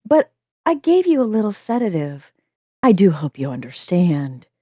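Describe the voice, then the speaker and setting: A woman voicing a polite, sinister male doctor as she reads a story aloud, in a soft and courteous tone. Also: lowish voice, sing-song, normal speed, no echo, studio quality, voice pushed down. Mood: silkily polite.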